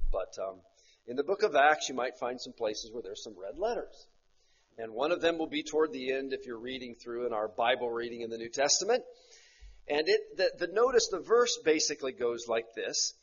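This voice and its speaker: A man preaching an expository sermon, slowing on key phrases and often tagging rhetorical questions onto his points. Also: medium pitch, slightly rough. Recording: muffled lo-fi recording.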